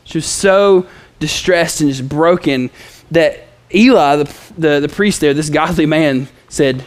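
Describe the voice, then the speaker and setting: A man gives an expository sermon in an unhurried voice that sits a little high, with few pauses. He keeps it casual and conversational, reading scripture aloud and mixing in fillers and playful asides.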